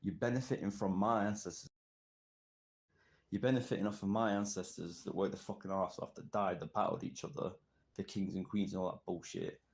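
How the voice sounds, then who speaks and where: A very low-voiced man from Britain records voice notes. He rants hard and swears constantly, pushing each point in an aggressive, combative tone. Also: steady tone, brisk, gravelly, darkish tone. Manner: profane, aggressive, ranting. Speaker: voice note sender. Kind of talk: angry voice-note rant.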